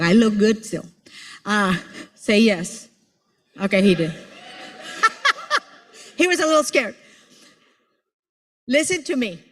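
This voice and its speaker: A woman in her sixties giving a playful, teasing motivational speech to an audience, repeating words for emphasis. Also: medium pitch. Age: 60s. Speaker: conference speaker. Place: large auditorium. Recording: long hall reverb in an auditorium.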